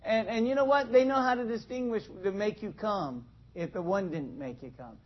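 In a dull, lo-fi recording, a high-pitched man speaks at normal speed as he preaches to a church congregation. He keeps the sermon conversational, putting questions to the listeners and acting out small scenes.

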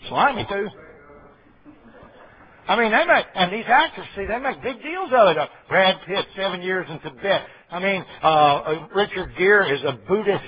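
A man's voice: high voice, animated, moderate pace. A man preaching a folksy sermon, full of rambling asides and checks with his listeners. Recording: dull lo-fi recording.

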